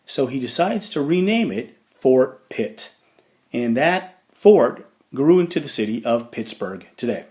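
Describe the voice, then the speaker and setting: A man's voice: medium pitch, sing-song, unhurried, dark tone. Man teaching history in a chatty way. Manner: conversational, with fillers and jokey asides. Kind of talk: casual classroom lecture over slides.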